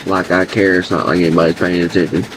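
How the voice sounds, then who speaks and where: A man's voice: sits low, little pitch movement, quick pace, background noise. A man with a Southern US accent, chatting loosely and rambling at home while he plays a video game. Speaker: gaming channel host. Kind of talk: casual gameplay chat.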